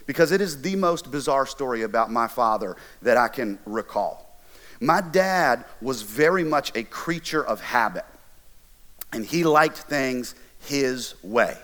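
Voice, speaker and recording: A middle-aged man preaching to a college ministry, telling a personal story in an animated, conversational way with jokey asides. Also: mid-range voice. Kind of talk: storytelling sermon.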